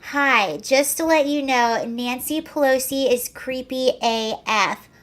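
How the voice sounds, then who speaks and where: A woman's voice: high voice, slow, a bit bright, faint music behind. A young woman hosting a casual livestream, chatting sarcastically, laughing often and answering viewer comments. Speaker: livestream host.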